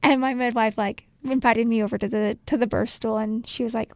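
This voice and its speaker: A fairly high-pitched woman tells her story with lots of animation, slipping into quoted voices and laughing between lines. The sound is dry and close, with no room echo. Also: a little fast, creaky. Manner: animated, acts out quotes, laughs often, says "like" a lot. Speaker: podcast co-host sharing her birth story. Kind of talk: casual conversational storytelling.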